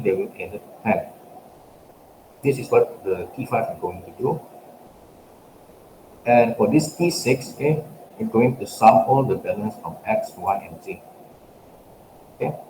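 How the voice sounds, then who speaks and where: A man giving a recorded lecture, stepping through a worked example and checking in with "okay" after nearly every phrase. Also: on the low side. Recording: echoey room with steady background noise.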